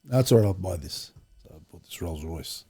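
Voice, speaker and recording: A man's voice: low voice, expressive, moderate pace, heavy background noise. A middle-aged man, telling long rambling anecdotes as an interview guest, restarting sentences and acting out quoted dialogue. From Australia. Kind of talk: casual storytelling interview.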